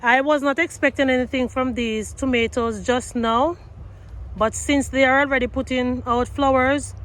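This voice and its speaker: A woman's voice: high voice, steady tone, normal speed, a bit bright. A woman gardening vlogger talking viewers through her garden outdoors, chatty and repeating herself. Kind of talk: casual garden tour vlog.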